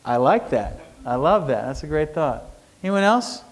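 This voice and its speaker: Middle-aged male speaker, slightly high voice, folksy lecture style with audience questions. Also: big pitch swings, moderate pace. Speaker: entrepreneur speaker. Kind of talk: lecture to students. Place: university lecture hall.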